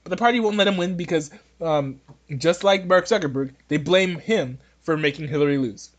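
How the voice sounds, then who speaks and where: A high-voiced man hosting a casual opinion podcast. He rambles and jokes, often restarting his sentences. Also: normal speed. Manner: rambling, joking, many restarts. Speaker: podcast host. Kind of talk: casual political opinion talk.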